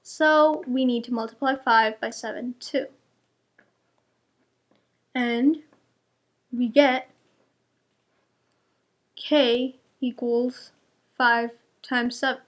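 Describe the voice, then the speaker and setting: A young woman with a high voice explains algebra slowly and carefully, one step at a time. She is a patient tutor who checks each answer for her young students. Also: fairly even intonation. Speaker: math tutor.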